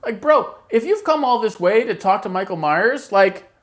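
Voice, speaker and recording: A woman's voice: mid-range voice, animated, moderate pace. A woman hosting a horror channel, giving a casual opinion rant with exasperated, sarcastic asides.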